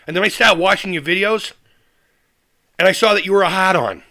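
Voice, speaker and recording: Angry high-voiced man ranting. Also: brisk, vocal fry, sharp tone. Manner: angry, profane, fired-up; repeats himself and restarts often. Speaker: retro gaming YouTuber. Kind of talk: live-stream rant.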